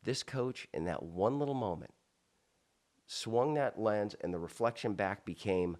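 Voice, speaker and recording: With an unhurried delivery and a voice on the low side, this interview guest from South Florida shares something personal. He's animated, often starting over and wandering into asides.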